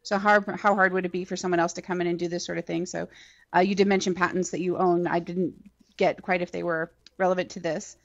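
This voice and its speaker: Woman, lowish gravelly voice, contest judge, measured and questioning, dull video call sound. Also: little pitch movement. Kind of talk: giving feedback over a video call.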